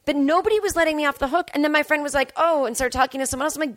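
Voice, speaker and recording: A woman's voice: rapid-fire, no room sound. Rambling self-deprecating woman comedian. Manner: rambling, self-deprecating, swings into high excited quoted voices. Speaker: comedian and podcast host. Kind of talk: casual solo podcast monologue. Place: hotel room.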